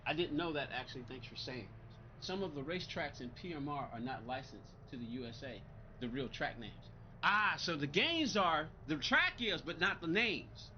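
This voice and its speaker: A man's voice: a little high, animated, moderate pace, lo-fi sound, slight background noise. A man live-streaming a racing game, chatting loosely with his viewers, irritated and rambling, often repeating himself. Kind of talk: casual live-stream chat reading viewer comments.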